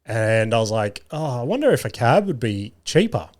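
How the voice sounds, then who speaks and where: An Australian man hosting a podcast, telling a self-mocking story in a casual, animated way and swearing often. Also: mid-range voice, normal speed. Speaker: podcast host. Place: home garage studio.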